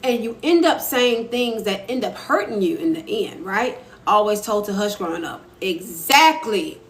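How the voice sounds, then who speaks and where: A woman's voice: mid-range voice, expressive, measured pace, few pauses. A young woman talking casually to viewers on a live stream, answering their comments as she goes. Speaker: author and live-stream host. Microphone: phone. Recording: echoey room with faint ambient noise.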